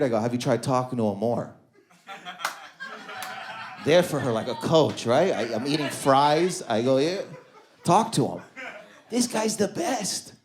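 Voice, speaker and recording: A male comedian works a club crowd on a handheld mic. He talks in a mid-pitched voice that swings between loud punchy bursts and low mumbled asides, and he acts out every quoted line in the story. A faint hiss of background noise sits under the recording. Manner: storytelling with acted-out quotes and frequent "you know what I mean". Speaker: stand-up comedian. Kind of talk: stand-up comedy set. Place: comedy club stage with audience laughter.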